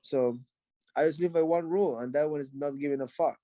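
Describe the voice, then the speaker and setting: A man's voice: fairly high pitch, a little fast, mellow, no room sound, low-quality recording. Blunt, swearing man, English. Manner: blunt, profane, frank. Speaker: interview guest, fighter. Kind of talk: casual interview.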